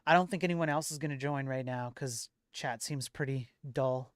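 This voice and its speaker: A man hosting a livestream and chatting to viewers in a loose, rambling way. His voice is smooth and clear, and the sound is dry and close. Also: mid-range voice, normal speed, no room sound. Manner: rambling, full of fillers and restarts. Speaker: livestream host and moderator. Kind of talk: casual stream chat.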